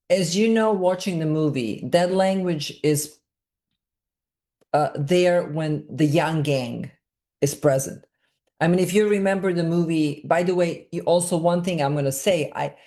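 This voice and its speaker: A woman speaks in a somewhat low voice, answering an interviewer earnestly. She explains at length and repeats words as she searches for her point. The tone is that of a filmmaker discussing her own work. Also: darkish tone.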